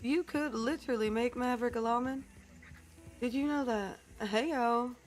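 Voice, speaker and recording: Woman streamer, casual and rambling, slightly high voice, sustained character accent. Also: normal speed, soft background music. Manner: holding a put-on character accent, chatty with fillers. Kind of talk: casual chat to stream viewers.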